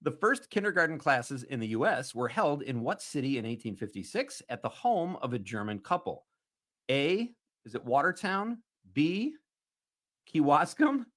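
A man's voice: a little high, sing-song, moderate pace, a bit bright. A man hosting a casual talk show quiz. He is upbeat, laughs often, and reads the questions with emphasis. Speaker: radio show host.

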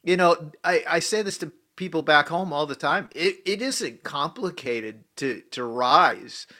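Bright emphatic male radio co-host. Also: fairly high pitch, animated, unhurried. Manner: emphatic, repetitive "right?" asides. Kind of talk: political talk radio commentary.

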